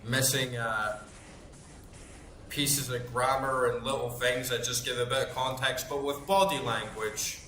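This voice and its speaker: This gaming host, a man in his thirties and a native English speaker, has a mid-range voice with a sharp tone. Playing and chatting casually, he rambles, uses lots of fillers, and curses often; the room echoes and faint noise sits behind him.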